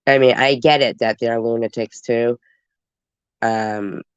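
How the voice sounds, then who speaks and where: A man's voice: mid-range voice, fairly even intonation, a little slow, clear, resonant tone, no room sound. A congested man, hosting a livestream and rambling casually to his viewers. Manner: rambling, talks straight to viewers. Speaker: livestream host. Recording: dull lo-fi stream audio.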